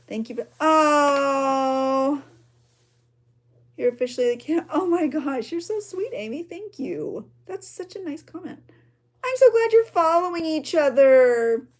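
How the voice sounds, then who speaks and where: A woman's voice: high-pitched, lively intonation, measured pace. Chatty woman hosting a crafting livestream. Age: adult with a child. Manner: chatty, reads viewer comments aloud, frequent gasps and exclamations. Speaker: junk journal creator hosting a livestream.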